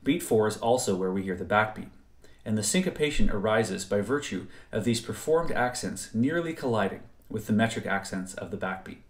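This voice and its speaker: Male lecturer, measured scripted narration, deeper voice, roomy reverb. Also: animated. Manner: measured, precise explanatory delivery. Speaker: music theory lecturer. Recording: roomy echo.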